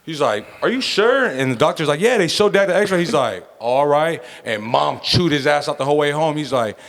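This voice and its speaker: A man's voice: on the high side, brisk. A man co-hosting a podcast, telling a family story in casual slang and acting out his father's lines. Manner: slangy, animated, acts out his dad's voice. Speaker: podcast co-host.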